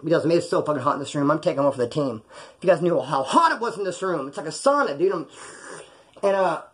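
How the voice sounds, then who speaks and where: A man's voice: on the high side, quick pace, slightly rough. A man casually telling profane prison stories, acting out the people in them, in a small hot room. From California. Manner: animated, profane, acts out quoted voices. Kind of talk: casual storytelling.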